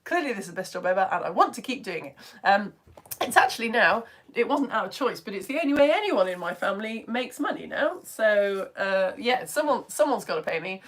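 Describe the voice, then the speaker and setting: A British woman, a physics teacher, chatting brightly on a live-stream lesson and hopping between asides. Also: mid-range voice, big pitch swings. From United Kingdom. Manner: bubbly, chatty, jumps between topics, quick asides. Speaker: physics teacher and livestream host.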